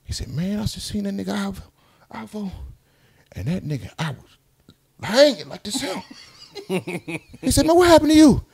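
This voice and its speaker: A man's voice: high voice, measured pace, gravelly, pauses often, slightly rough. A man telling a story in casual talk, laughing and acting out voices and sound effects. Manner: animated, laughing, acts out quotes and sound effects. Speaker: podcast guest telling a story. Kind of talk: casual storytelling among friends.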